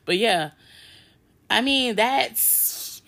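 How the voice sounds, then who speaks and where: A woman's voice: on the high side, drawn-out words, vocal fry. A young adult woman hosting a podcast, telling a personal story in a candid, casual way with lots of swearing. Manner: candid and heavy on swearing, with animated retellings. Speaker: podcast host.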